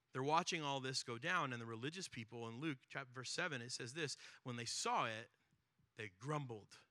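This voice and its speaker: A man preaching a sermon, telling a Bible story with lively acted-out quotes. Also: a little high, no echo, clean studio sound. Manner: animated storytelling, acts out quotes. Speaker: pastor.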